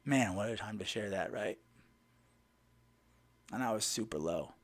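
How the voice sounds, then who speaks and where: A man's voice: lowish voice, a little slow, no room sound. A man telling a personal story in a blunt, emphatic and emotional way. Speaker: vlogger.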